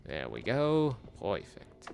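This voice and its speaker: A man casually commenting on his game as he plays. His voice is low and gravelly, and his pitch swings widely as he mutters. He talks at an unhurried pace, with a faint hiss of noise behind him. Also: wildly swooping pitch. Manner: chatty, self-mocking muttering to himself. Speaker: game streamer.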